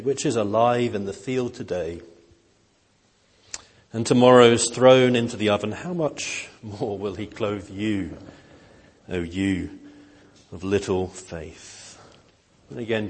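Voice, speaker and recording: A man preaching a sermon in a slow, gentle, earnest way, with emphatic rises. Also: fairly low pitch, husky. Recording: long hall reverb.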